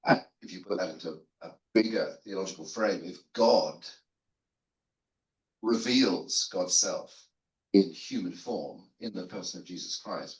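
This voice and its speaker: Older man, lowish voice, panel guest, self-deprecating storyteller, frequent restarts, roomy echo. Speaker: guest theologian on a seminary panel. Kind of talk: conversational panel talk. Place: seminary lunch room.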